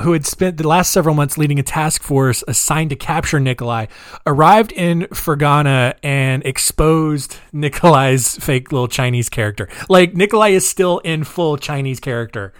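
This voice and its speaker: A male host telling a true crime story in a casual, chatty way, sarcastic and quick to laugh. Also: on the high side, clean tone, dry recording, studio quality. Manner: chatty, laughs at his own jokes, sarcastic.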